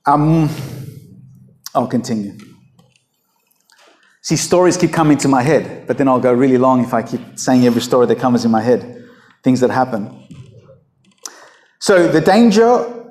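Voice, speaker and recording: A man's voice: medium pitch, a little mellow. Blunt preaching man, roomy echo. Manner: blunt, emphatic, rhetorical questions. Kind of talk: unscripted preaching talk.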